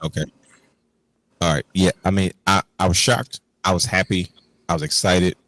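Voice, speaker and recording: A man's voice: low voice, little pitch movement, moderate pace, fairly bright tone, no echo, rough recording. A man co-hosting a wrestling talk show, talking enthusiastically and rambling. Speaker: podcast co-host. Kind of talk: casual chat.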